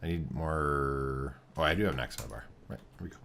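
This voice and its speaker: Deep-voiced man narrating his game build. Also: a little hiss or hum. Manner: thinking aloud, relaxed, halting with fillers and restarts. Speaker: game streamer. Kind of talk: casual commentary while building in a game.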